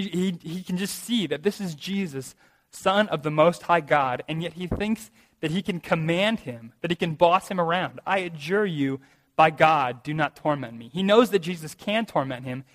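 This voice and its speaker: A pastor delivers a sermon in a reverberant hall, preaching earnestly and emphatically and posing rhetorical questions. His voice is a little high, and he speaks at a normal speed.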